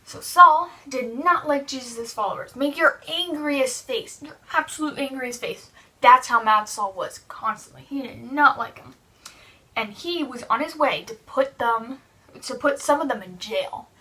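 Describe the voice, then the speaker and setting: Young woman doing kids church, bright lively voice, a bit far from the mic. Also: high voice, a little slow. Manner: lively, animated storytelling with restarts. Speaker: children's church teacher. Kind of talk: Bible story for kids.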